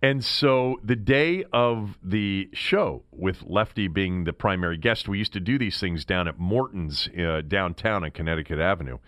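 A man hosting a sports talk show, telling stories in an animated way. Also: sits low, moderate pace, few pauses, no room sound, clean studio sound. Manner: animated storyteller. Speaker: sports radio host. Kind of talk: sports talk radio banter.

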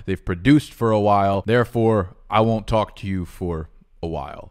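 A man's voice: fairly low pitch, clean tone. A young man hosting a fantasy football channel, talking in a brash, joking, profane way. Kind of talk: casual loud vlog talk.

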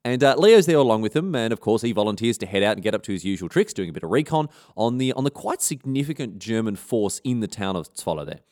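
A man with an Australian accent narrates a history tale in a low, lively voice. He is irreverent and slangy, wandering into rambling comic asides. Pitch swings up and down as he builds the story. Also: fast, few pauses.

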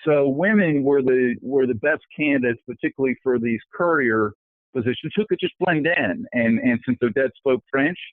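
A man's voice: medium pitch, moderate pace, no room sound. Talkative man on a tinny phone line. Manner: talkative, many fillers and restarts. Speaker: author guest. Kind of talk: interview answers.

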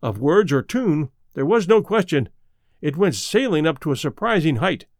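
A man reading a ghost story aloud as narrator, with expressive storytelling. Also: on the high side, dry recording, studio quality. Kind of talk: scripted narration.

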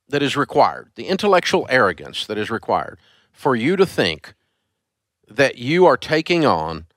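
A man's voice: mid-range voice, a bit bright, no room sound, clean studio sound. A man hosting a call-in radio show, blunt and emphatic as he rants at a caller.

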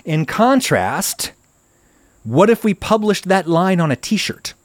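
A man giving an opinionated explanatory commentary on a video, talking in an animated way that climbs into emphatic outbursts. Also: high voice, slow, dry recording. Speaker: video essayist.

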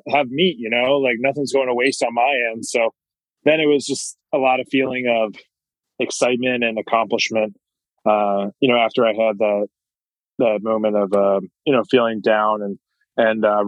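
A man's voice: mid-range voice, no room sound, low-quality recording. Young guy guesting on a podcast, kinda rambly, lots of uh and you know, dry sound. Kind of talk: casual interview chat.

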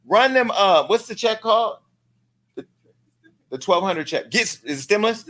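Brief: male comedic gossip host, sassy and theatrical, bright edgy tone. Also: high voice, expressive, normal speed, long pauses. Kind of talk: comedic celebrity gossip commentary. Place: home studio with lights.

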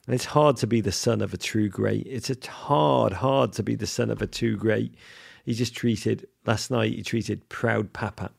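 Gravelly English man, effusive podcast co-host. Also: fairly low pitch, normal speed. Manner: animated, effusive storytelling with frequent restarts. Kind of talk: casual podcast chat.

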